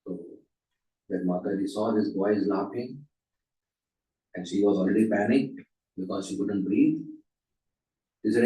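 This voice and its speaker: Man, slow-paced, mellow voice, dramatic storytelling lecture, distant mic, echoey hall. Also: fairly low pitch. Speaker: speaker at a temple class. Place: temple hall. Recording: roomy hall, from far off.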